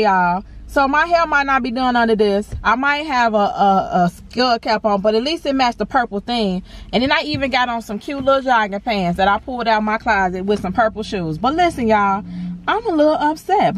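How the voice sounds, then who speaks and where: Speaking fairly quickly in a fairly high voice, a young woman vents to her viewers from her car. Her casual, animated chat is addressed directly to them, full of "y'all" and "honey."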